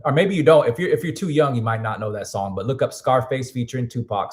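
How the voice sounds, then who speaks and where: A hoarse man in casual live-stream chat, rambling with frequent restarts and fillers. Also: mid-range voice, fast. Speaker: music producer streaming.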